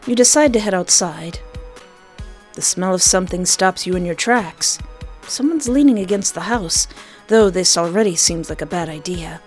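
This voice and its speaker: A woman reading a visual novel aloud as a let's play, animated and joking, talking back to the game. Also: lowish voice, moderate pace, faint music behind.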